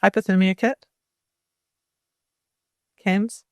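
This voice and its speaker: A woman, her voice in a middle range, pressing her points firmly in relaxed podcast talk. The sound is dry and close. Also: medium pitch, slow pace, dry recording. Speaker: podcast co-host. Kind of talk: casual chat.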